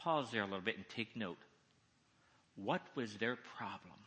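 A man preaching at a conference, reading scripture slowly and with emphasis and asking his listeners questions. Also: on the low side, bright, forceful tone, slightly rough. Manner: reads slowly, deliberately, with emphasis; asks the audience questions. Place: large conference hall. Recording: echoey hall reverb.

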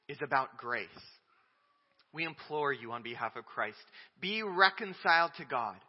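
Emphatic preacher in a reverberant church. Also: male voice, a little high, expressive, measured pace, breathy edge. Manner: emphatic preaching, swinging between loud declarations and quiet asides. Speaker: pastor. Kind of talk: sermon. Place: church sanctuary. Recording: dull audio with long church reverb.

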